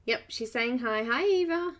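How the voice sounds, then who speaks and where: Slow-talking croaky woman. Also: on the high side. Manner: chatty, greets viewers by name, laughs often. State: slightly croaky. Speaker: art channel host. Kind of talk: live-stream coloring tutorial chat.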